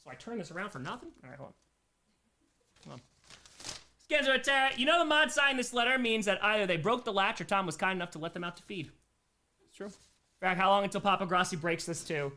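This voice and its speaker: A man hosting a casual live stream, excitedly reading chat messages and thanking viewers. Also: sits high, fast talker, pauses often. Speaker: streamer host.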